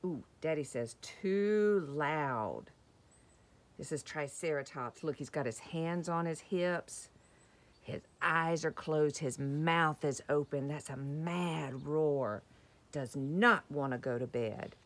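A woman reading a picture book to young children, gentle and slow, asking questions about the pictures. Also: deep voice. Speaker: children's story time reader.

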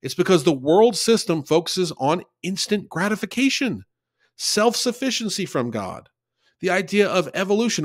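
Guy teaching bible study, earnest and folksy, a bit high voice, dry sound. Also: lively intonation, a little fast, no room sound.

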